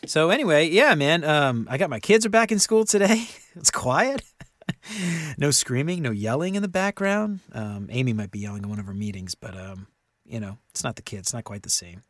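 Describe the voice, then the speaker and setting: A man in his thirties co-hosting a podcast in casual chat, animated and rambling, often laughing. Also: fairly high pitch, moderate pace, no echo, clean studio sound. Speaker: podcast co-host.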